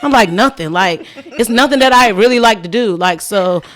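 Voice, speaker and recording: A woman's voice: medium pitch, normal speed. A woman guest on a casual podcast, telling her story with animation, acting out what people said and using lots of "like". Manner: animated, acts out quoted dialogue, frequent "like". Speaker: podcast guest, cleaning business owner.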